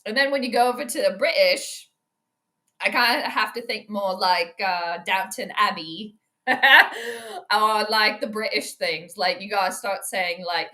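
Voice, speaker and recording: A woman commentates a football game on a casual live stream, chatty and excitable, laughing often as she reads the chat aloud. Her voice sits in the mid range and she takes her time.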